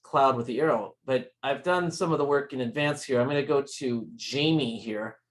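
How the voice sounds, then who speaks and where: A man's voice: medium pitch, moderate pace. A man giving a live tech demonstration at a user group meeting, explaining step by step in a friendly, informal way.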